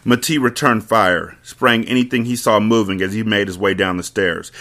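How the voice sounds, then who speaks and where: A man's voice: fairly low pitch, steady tone, normal speed, hardly any pauses, sharp tone. A man hosting a podcast, reading a novel aloud and breaking off for blunt, profane commentary. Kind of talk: casual read-aloud with commentary.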